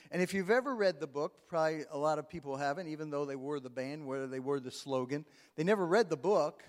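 A middle-aged male pastor preaching a sermon, calling out to the congregation with rising emphasis and amens. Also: high-pitched. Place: church sanctuary. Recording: long hall reverb.

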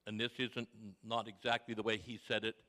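An older man giving a folksy mission testimony to a congregation, telling stories with gentle humour. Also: fairly low pitch, level tone, a little fast. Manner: homely storytelling with gentle humour. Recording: long reverb of a large hall.

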